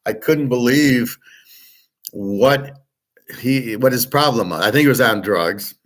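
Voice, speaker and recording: A man's voice: medium pitch, slow pace. A middle-aged man hosting a sports betting show, talking casually in a blunt, profane, rambling way with many fillers. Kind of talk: casual monologue.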